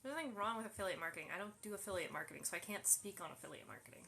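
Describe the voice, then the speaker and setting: A woman's voice: medium pitch, lively intonation, very fast, creaky, bright, forceful tone, a little hiss or hum. A woman hosting a casual live Q&A, reading viewer questions aloud and answering them with plenty of fillers. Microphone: phone livestream.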